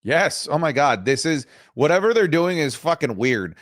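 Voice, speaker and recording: A man with a notably high voice co-hosts a casual wrestling chat, recorded dry and close. He talks with animated confidence, mocks with impressions and swears freely. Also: measured pace, few pauses, no room sound. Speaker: co-host and wrestling commentator.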